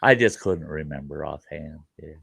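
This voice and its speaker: A man's voice: very deep voice, expressive, moderate pace, creaky, fairly bright tone, breathy edge, dry recording, studio quality. A middle-aged man hosting a show and telling a rambling childhood story in a folksy, casual way. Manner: folksy, rambling, with fillers like "you know". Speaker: host and storyteller.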